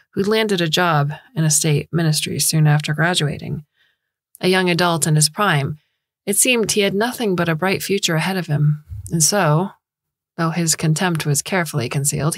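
A woman narrates a short story as a scripted audiobook reading, measured and steady. Her voice is low and slightly husky, and the recording is close and dry with no room sound. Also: dry recording.

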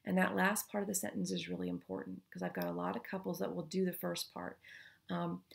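A middle-aged woman speaks as a therapist, her low voice full of gravel and vocal fry. She talks through relationship advice in a loose, conversational way, checking in with "okay?" and "right?" and sometimes acting out a partner's complaint. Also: very animated, a little fast. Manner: acts out quoted couples in passing. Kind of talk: casual advice talk to camera.

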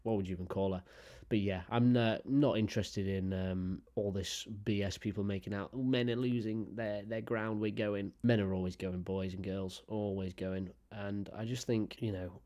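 A man's voice: on the low side, fairly even intonation, moderate pace, dark tone. A young man talking casually about video games, rambling with lots of fillers and frequent swearing. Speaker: gaming YouTuber. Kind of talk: casual chat to camera.

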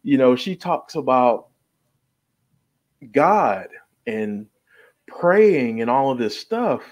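Slow, hesitant male podcaster. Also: medium pitch, sing-song, darkish tone. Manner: hesitant, careful, many restarts. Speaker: podcast co-host. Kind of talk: casual chat.

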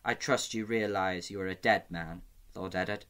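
A man reading aloud as a sly, courteous eunuch spymaster with a smooth, wry manner. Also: deep voice, steady tone, normal speed, fairly bright tone.

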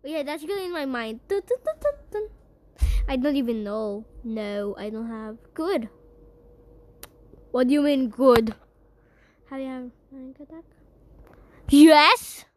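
High-voiced woman reading a spooky game survey. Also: moderate pace, long pauses, mellow. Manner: playful, reads on-screen questions aloud and answers them; jokingly spooked, sometimes puts on a scary voice. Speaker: gamer. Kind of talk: casual gameplay commentary.

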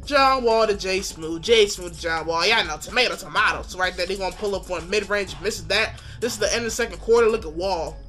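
Hyped guy calling his basketball game, bright punchy voice, faint music behind. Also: high-pitched, a little fast, hardly any pauses. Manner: animated, hypes plays, jokes and trash-talks. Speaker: gaming commentator. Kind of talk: excited play-by-play game commentary.

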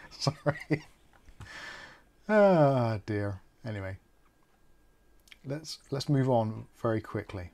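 A man's voice: mid-range voice, animated, measured pace, pauses often, darkish tone. A man, hosting a live tech stream in a rambling, jokey way that wanders off topic. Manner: rambling, jokey, self-correcting.

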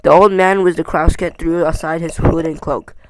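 A home reader reading a fantasy novel aloud, often stumbling, restarting words and filling pauses with "um". The delivery is unpolished and amateur. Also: mid-range voice, fairly even intonation, no room sound, rough recording. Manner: stumbling, frequent restarts and fillers.

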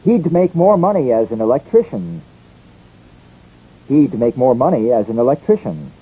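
A man's voice: mid-range voice, normal speed, breathy edge, highs cut off. A man leading a scripted English pronunciation drill, saying each word and sentence twice. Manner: lively, repeats each word and line twice.

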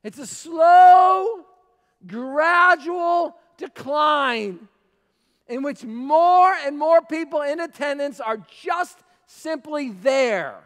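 Male pastor, very high voice, emphatic sermon full of repeated lines, long church hall echo. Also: animated, unhurried, hardly any pauses. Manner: emphatic preaching, repeating phrases, swings from shouts to quiet asides. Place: church sanctuary.

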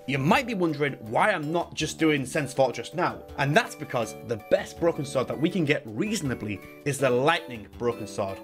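A young man giving loud, excitable, swear-filled gameplay commentary, shouting often. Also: sits high, recorded from a distance. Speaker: gaming YouTuber.

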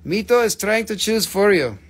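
A high, animated man from Appalachia runs a live mineral sale at a normal speed, joking, rambling and cussing freely. It's casual live-stream selling.

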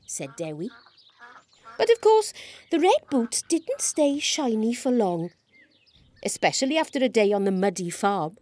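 A woman's voice: on the high side, very animated, unhurried, pauses often, warm tone. A woman presenting a preschool show and reading a story aloud in an encouraging, sing-song way.

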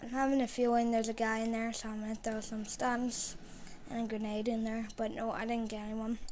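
Excitable gamer woman muttering live commentary. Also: a little fast, a little hiss or hum. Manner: mostly muttered low, with sudden loud exclamations. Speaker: gamer streaming live play.

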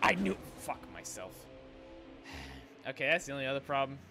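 A young man streaming a racing game, excitable and swearing, muttering to himself as he drives. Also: mid-range voice, normal speed, creaky, over music. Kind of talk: live gaming stream chat.

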